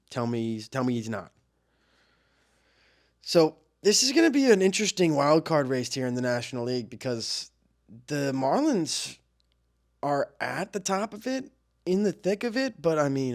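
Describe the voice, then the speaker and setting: Excitable young man rambling about baseball. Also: mid-range voice. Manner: excitable, rambling, repeats phrases. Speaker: sports podcast host. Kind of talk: casual baseball commentary.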